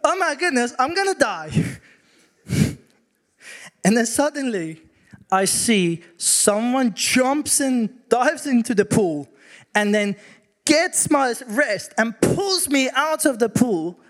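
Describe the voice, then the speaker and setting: A man preaching a sermon, telling a personal story with animated acted-out quotes. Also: extremely high pitch, slow.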